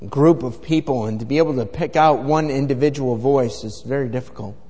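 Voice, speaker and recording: A man's voice: medium pitch, a little fast, darkish tone, husky. A middle-aged man preaching a sermon in a folksy, rambling storytelling way full of fillers. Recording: echoey hall with long reverb.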